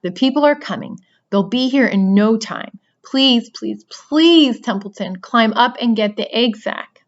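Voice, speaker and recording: A woman reading a storybook aloud, voicing an earnest young male pig who pleads loudly and desperately. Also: on the high side, animated, unhurried, hardly any pauses, lo-fi sound, pitched above the performer's own voice.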